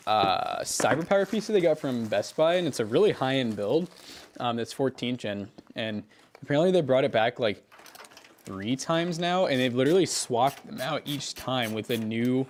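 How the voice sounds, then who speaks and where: A man's voice: medium pitch, moderate pace, slight background noise. A young man hosting a livestream, chatting casually with viewers and a co-host while building a computer. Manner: relaxed, rambling, answers chat while working.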